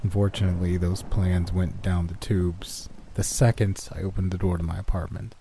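Male horror narrator; mellow, dark tone, steady and measured. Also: sits low, slight background noise.

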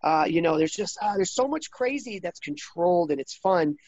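A man in his thirties talking casually as an interview guest, rambling with many restarts and getting animated when he quotes others. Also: high voice, normal speed, dry recording, lo-fi sound.

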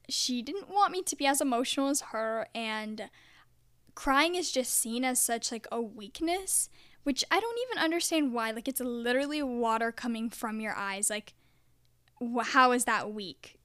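A woman's voice: a little high, a bit bright, clear, resonant tone, no echo, studio quality. A young woman vlogger telling a personal story in a casual, chatty way, filling her sentences with "like". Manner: chatty, heavy use of "like".

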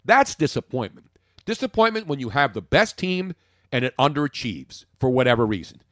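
A man's voice: medium pitch, big pitch swings, moderate pace, a bit bright, no room sound, clean studio sound. A man hosting a sports talk show, emphatic and jokey, full of rhetorical questions.

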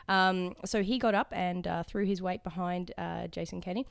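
Smooth-voiced Australian woman reporter. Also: medium pitch, fairly even intonation, moderate pace, few pauses, no room sound. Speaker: legislature reporter. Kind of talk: panel discussion.

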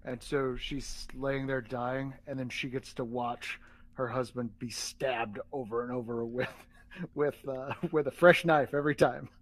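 A man's voice: medium pitch, fairly even intonation, unhurried. Brief: male podcast guest, mid-range voice, easygoing. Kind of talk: casual chat.

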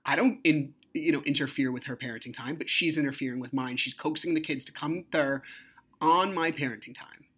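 A man's voice: on the high side, fairly quick, a bit bright, breathy edge. A man hosting his own podcast, telling a personal story in a frank, heated way with plenty of swearing. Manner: frank, profane, heated retelling. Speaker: podcast host.

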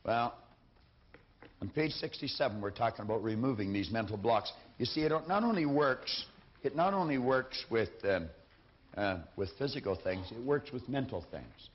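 An animated man with a medium-pitched voice speaks at a moderate pace while delivering a motivational talk from a lectern. The seminar speaker stresses and repeats his key phrases, and the audio is a dull lo-fi recording.

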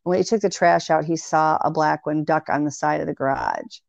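A woman in casual conversation, telling long animated anecdotes full of quoted dialogue. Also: sits low, a little fast, creaky, no room sound. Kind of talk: casual storytelling chat. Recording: dry, dull lo-fi sound.

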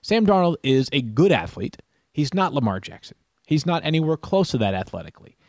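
A man hosts a casual sports podcast, talking through player stats with a lively, up-and-down voice. The sound is dry and close to the mic. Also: a little high, brisk, no echo. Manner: animated, detailed stat talk. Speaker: podcast host, fantasy football analyst.

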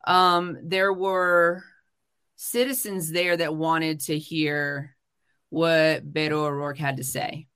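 A woman's voice: sits low, fairly even intonation, slow pace, fairly bright tone, clear, resonant tone. A woman hosting a casual livestream chat, talking heatedly with frequent swearing, fillers and restarts. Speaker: livestream host. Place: home livestream.

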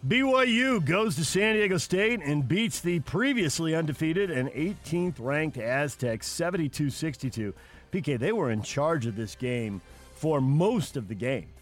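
A man hosting a sports radio show, briskly running through scores and handing off to his co-host. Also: medium pitch. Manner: brisk, reads scores then asks co-host.

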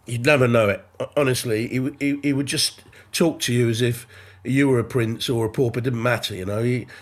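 A man's voice: mid-range voice, steady tone, brisk. Hesitant middle-aged man talking football. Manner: hesitant, restarts, many ums. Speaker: podcast co-host, football pundit. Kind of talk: casual chat.

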